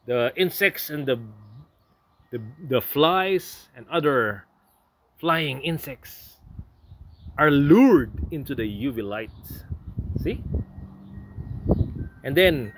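A man casually unboxing a product, reading the label aloud and breaking into excited asides, at home in New Zealand. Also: a little high, slow, pauses often, husky. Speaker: unboxing vlogger.

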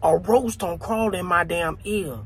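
A man voicing a streetwise male cockroach who talks in a gruff, profane, bargaining way. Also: high-pitched, moderate pace, slight background noise, pitched below the performer's own voice. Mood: bossy. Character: streetwise talking male cockroach, bossy and blunt.

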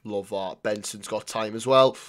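A young man commentating his own football video game, swinging between excited shouts and low mutters, swearing freely. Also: moderate pace. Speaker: gaming YouTuber. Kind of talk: live gameplay commentary.

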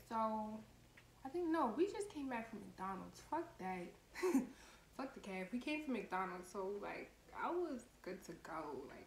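A young woman telling a storytime, animated, blunt and full of profanity. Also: on the high side, slight background noise. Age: young adult. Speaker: vlogger and lash tech. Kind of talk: storytime monologue. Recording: echoey room.

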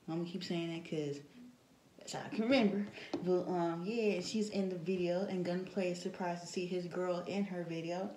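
A woman's voice: mid-range voice, dark tone, reverberant, a little hiss or hum, rough recording. A woman recapping a reality TV episode in a casual, chatty way, full of fillers and blunt asides. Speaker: TV show reviewer.

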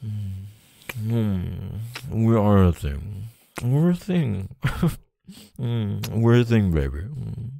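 A young man speaking softly and hesitantly in a whispered role-play, as an affectionate boyfriend. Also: fairly low pitch, extremely slow, creaky, slight background noise. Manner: soft-spoken, hesitant, affectionate. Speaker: ASMR boyfriend roleplay creator.

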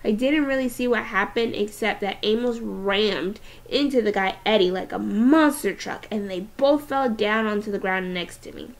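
A woman teacher reading a novel aloud, expressive and with small restarts. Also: medium pitch, moderate pace, creaky, hardly any pauses.

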